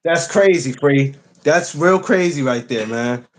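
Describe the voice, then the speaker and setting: A man's voice: fairly high pitch, lively intonation, unhurried. A man hosting a podcast in casual morning chat, playful and teasing, repeating his phrases. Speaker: podcast host.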